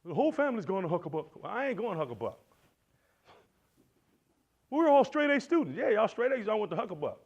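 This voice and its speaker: A man teaching at a Christian men's conference, animated and preacherly, swinging between loud and soft. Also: high voice, fast talker, long pauses. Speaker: conference speaker. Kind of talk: motivational church teaching. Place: lecture hall. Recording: dull lo-fi recording.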